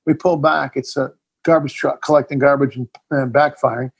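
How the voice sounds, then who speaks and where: A man's voice: medium pitch, steady tone, moderate pace, gravelly, husky. A middle-aged man, a filmmaker guest in a casual interview, telling a story animatedly and acting out the scenes.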